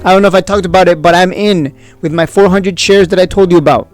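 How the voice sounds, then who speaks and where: A man hosting a stock trading video, talking casually and excitably, whooping and throwing out rhetorical questions. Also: sits high, fast, faint music behind. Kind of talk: casual market commentary.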